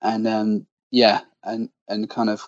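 A man's voice: lowish voice, completely flat delivery, slow pace, dry recording. Chatty English man on a muffled call. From Gloucestershire, England. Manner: rambling, many ums and restarts, self-deprecating. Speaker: podcast guest, web business owner. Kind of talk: casual interview chat. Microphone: video call.

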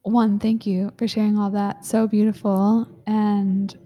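A woman hosting a podcast interview, responding in a gentle, affirming, reflective way. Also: medium pitch, level tone, unhurried. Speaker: podcast host. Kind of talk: casual interview.

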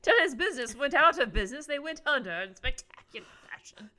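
Brief: sarcastic woman co-host, bright sharp tone, very lively pitch. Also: quick pace. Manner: sarcastic, joking commentary. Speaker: podcast co-host. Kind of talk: casual chat.

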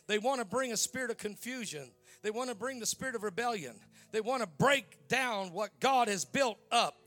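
A man preaching a sermon in a fiery revival style, shouting and drawing out his lines. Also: extremely high pitch.

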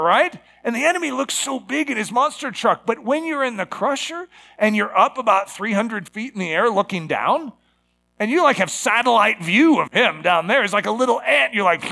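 High, bright-voiced preacher man. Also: expressive, moderate pace, creaky. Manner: storytelling, rising to emphatic exhortation. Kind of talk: sermon.

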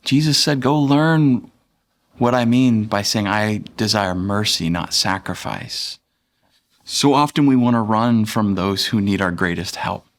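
A man's voice: lowish voice, a little slow. A man in his thirties, a pastor, preaching a sermon in a conversational, playful way and acting out voices from the scripture.

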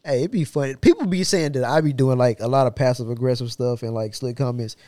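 A man's voice: medium pitch, quick pace, dry recording, clean studio sound. A man co-hosting a podcast, chatting casually and acting out quotes in a raised voice. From United States. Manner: animated storyteller, acts out quotes in a raised voice. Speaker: podcast co-host. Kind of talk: casual chat.

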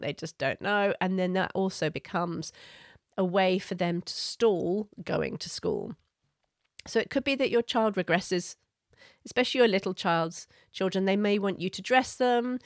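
A middle-aged woman coach giving parenting advice in an earnest, gentle, conversational way. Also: lowish voice, no echo, studio quality.

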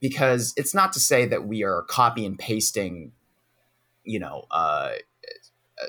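A man's voice: lowish voice, sing-song, unhurried, pushed and bright. A man, a guest improv performer, talking casually with many "you know" and "like" fillers. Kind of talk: casual podcast chat.

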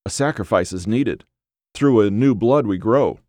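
A high, raspy cult member who sounds strained and always on the edge of erupting, as a male narrator puts him on. He is pitched well above the reader's own low voice. The audiobook recording is dry and close. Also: animated, normal speed, darkish tone, dry recording, lightly acted. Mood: urgent.

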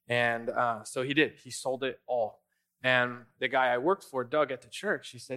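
Bright-voiced conversational male pastor. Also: medium pitch, steady tone, normal speed. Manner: conversational, with filler and restarts. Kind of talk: sermon. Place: church sanctuary.

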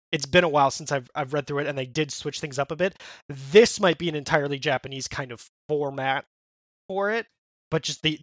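Higher-voiced man chatting casually, dry sound. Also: fairly bright tone, no room sound. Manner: rambling, many fillers and restarts, quick quoted character lines. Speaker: podcast co-host. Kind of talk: casual chat recapping a manga.

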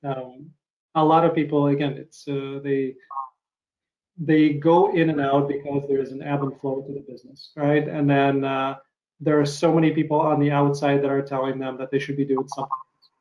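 A man hosting an interview, speaking in a halting, encouraging way. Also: medium pitch, little pitch movement. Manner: halting, encouraging, many restarts. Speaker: interviewer, host. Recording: muffled, roomy.

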